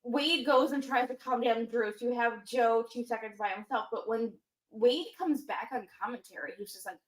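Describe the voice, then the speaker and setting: A woman co-hosting a casual wrestling chat, giving quick, opinionated recaps. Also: a little high, poor audio. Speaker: co-host.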